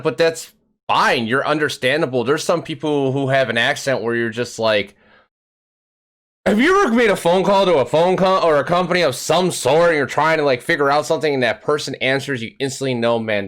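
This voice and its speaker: A man hosting a casual interview, chatting in an animated way. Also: on the high side. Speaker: host.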